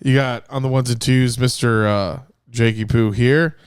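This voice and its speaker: A man hosting a casual podcast in a hotel room after a day of drinking, telling stories with loud swearing and laughs. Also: mid-range voice, steady tone, normal speed, clean tone, no echo, studio quality. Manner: rowdy, swearing, laughing storyteller. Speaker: podcast host. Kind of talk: casual drunk podcast banter.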